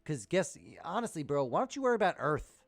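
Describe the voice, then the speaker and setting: Guy day trading live, cussing and ranting, loud then muttering, bit high voice. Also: big pitch swings, a little fast, no room sound. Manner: profane, heated, swings loud and quiet. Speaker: live-stream day trader. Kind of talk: ranting live-stream commentary.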